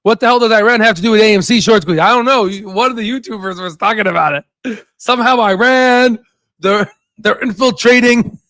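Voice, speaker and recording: Hyped high-voiced man streaming stocks. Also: a little fast, no room sound. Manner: hyped, joking, bursts of shouting, lots of "right?". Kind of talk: casual livestream commentary.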